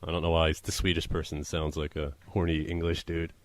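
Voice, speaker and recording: A man's voice: low-pitched, level tone, a little fast, no echo. A man co-hosting a casual comedy podcast, reading odd news aloud and laughing often. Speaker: podcast co-host.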